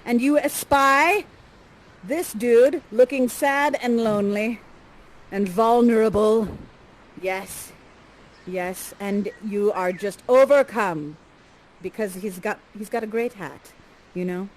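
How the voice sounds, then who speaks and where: A woman's voice: on the high side, poor audio. A woman acting as guide and father figure in improvised interactive theatre, chatty, playful and encouraging. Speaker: actor guiding players as Prospero.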